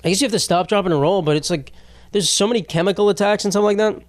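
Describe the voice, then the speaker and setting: Male podcast host, rambling, cursing, wisecracking, slightly high voice, dry close sound. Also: fast talker, no room sound. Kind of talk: casual solo podcast chat.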